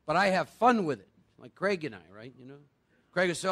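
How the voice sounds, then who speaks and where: A man's voice: fairly high pitch, very animated, fairly quick, a bit bright. A man speaking at a live recovery workshop, chatty and quizzing his audience with rhetorical questions.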